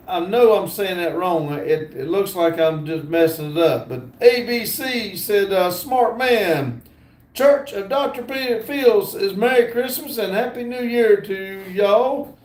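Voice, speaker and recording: A man's voice: high voice, darkish tone. An older man hosting a casual livestream, reading viewer comments aloud with lots of ums and uhs. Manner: reads viewer comments aloud with many fillers. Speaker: livestream host reading chat. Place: indoor room at a computer. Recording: echoey room.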